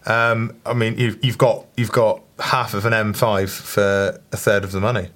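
A man's voice: fairly low pitch, little pitch movement, moderate pace, a bit bright. A man, ranting and joking as a podcast co-host in casual banter. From southern England.

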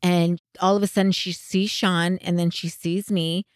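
A woman co-hosting a podcast, telling a story in casual, animated chat and laughing often. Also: on the low side, moderate pace, no echo, studio quality. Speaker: podcast co-host.

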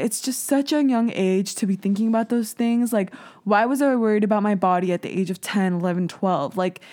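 A woman's voice: medium pitch, warm tone. A woman in her twenties hosting a casual solo podcast, talking candidly with lots of "like" fillers, some swearing, and jokes at her own expense. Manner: self-mocking, laughs at herself. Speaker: podcast host.

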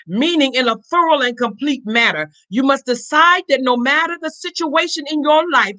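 A woman preaching a fervent sermon, calling out to her congregation for response and rising into shouts. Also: sits high, rough recording. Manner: call-and-response exhortation to congregation.

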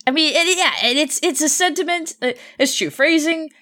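A woman's voice: sits high, normal speed, sharp tone. A woman co-hosting a casual chat, laid-back and wry. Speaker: podcast co-host.

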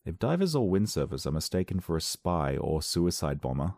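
A man with a very deep voice reads odd news stories aloud and reacts to them. His talk is sarcastic and wanders into rambling asides. The recording is dry and close, with no room sound. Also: sing-song, a little fast, a little mellow, no echo. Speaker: video host. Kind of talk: reading and reacting to weird news.

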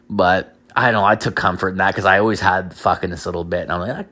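A man's voice: sits low, lively intonation, a little fast, few pauses, bright, forceful tone. A man hosting a podcast, telling rambling, profane comedic stories in a casual rant. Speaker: podcast host.

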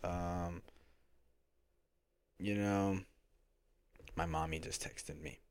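A young man with a very low, deep voice hosts a casual solo podcast from home. He rambles and second-guesses himself, piling up fillers and restarts. The sound is close and dry, with no room around it. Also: fairly even intonation, very slow, smooth, dry recording. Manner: rambling, self-conscious, full of fillers and restarts. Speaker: podcast host. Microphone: home recording mic.

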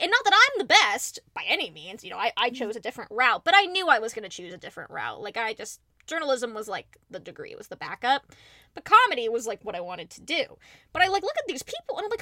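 A woman's voice: on the high side, huge pitch swings, fast talker, sharp tone, dry recording, studio quality. A woman hosting a casual chat podcast, laughing often and swearing while she tells stories.

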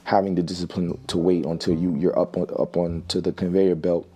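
A man in his thirties, hosting and telling a personal story in a reflective, halting way with frequent restarts. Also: sits low, level tone, dark tone, husky. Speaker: host.

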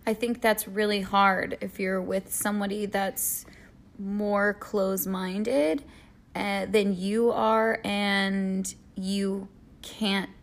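A woman's voice: medium pitch, steady tone, slow pace, gravelly. A woman co-hosting a casual advice chat, agreeable and giggly, thinking aloud as she goes. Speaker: podcast co-host.

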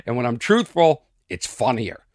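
A man hosting a solo comedy podcast early in the morning, animated and sarcastic, mock-exasperated, sleepy but energized. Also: medium pitch, moderate pace, no echo. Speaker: podcast host. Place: at home early morning, birds outside.

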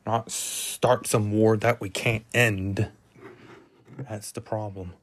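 A man with a low voice talks slowly through a solo podcast, rambling and putting himself down. The sound is dry and close, with no room around it. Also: steady tone, no echo. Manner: rambling, self-deprecating, muses aloud. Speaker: podcast host.

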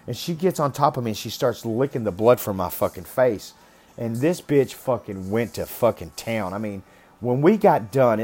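A man's voice: medium pitch, darkish tone. A man casually telling a personal story in a blunt, rambling way, swearing constantly. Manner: talks about being raised rough.

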